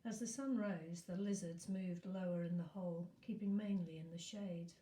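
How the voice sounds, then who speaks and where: A woman teacher reading a novel aloud in a steady storytelling manner. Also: on the low side, normal speed. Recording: echoey room.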